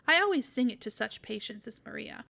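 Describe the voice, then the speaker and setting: A woman voicing an eccentric older male godfather, a clockmaker, in a grating, monotonous tone in a read-aloud storybook. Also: a little high, vocal fry, exaggerated voice. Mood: genial. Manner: sing-song chanting, slowed down.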